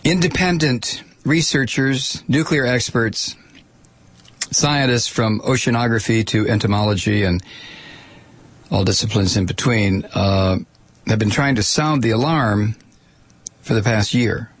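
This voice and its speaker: A man's voice: mid-range voice, a little slow, husky, no room sound. A man giving an informal spoken commentary, wry and sardonic, with offhand asides.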